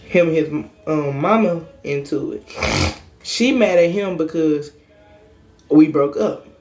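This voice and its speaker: A woman's voice: sits low, slow pace, a little mellow. A young woman vlogger telling a personal story in a casual monologue, blunt, emphatic and full of cursing.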